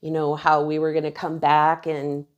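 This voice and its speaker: A woman's voice: sits low, completely flat delivery, normal speed, lo-fi sound. A woman in her thirties earnestly telling a personal story on her own channel. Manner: earnest, emotional retelling, quoting others softly.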